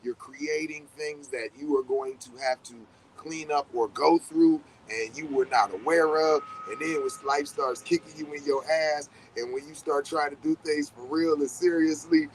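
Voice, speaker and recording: Dude just riffing on magic stuff, swears a lot, acts out reactions, faint road noise behind. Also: male voice, fairly high pitch, steady tone, moderate pace, hardly any pauses, poor audio. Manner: loose, conversational, swears often, acts out quoted reactions. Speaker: podcast host. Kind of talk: casual spiritual talk.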